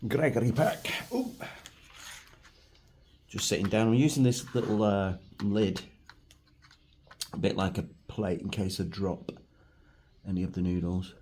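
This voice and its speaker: A middle-aged man with a Manchester accent sits at a table at home, reviewing food for his vlog in a rambling, chatty, self-deprecating way. His voice is on the low side, a little mellow with a breathy edge, at a measured pace with long pauses.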